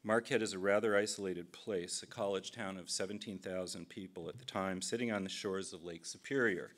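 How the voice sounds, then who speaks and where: A man's voice: low-pitched, fairly even intonation, brisk, fairly bright tone. A man in his fifties, from Minnesota, giving a humorous keynote speech with dry storytelling and self-deprecating asides. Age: 50s.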